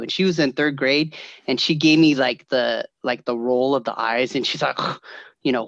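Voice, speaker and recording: A man telling family stories in casual chat, animated and quick to laugh, acting out the voices of the people in them. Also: medium pitch, gravelly, no echo. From California. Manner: animated storyteller, laughs often, acts out voices.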